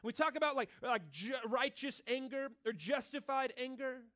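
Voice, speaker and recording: High-voiced man preaching a casual sermon. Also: animated, moderate pace, bright, forceful tone. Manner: casual and earnest, filling speech with "like" and "right?". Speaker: pastor. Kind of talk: conversational sermon. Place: church.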